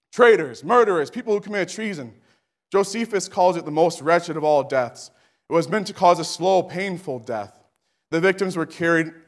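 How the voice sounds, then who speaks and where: Man, preacher, sermon, fervent, rising to shouts, slightly high pitch.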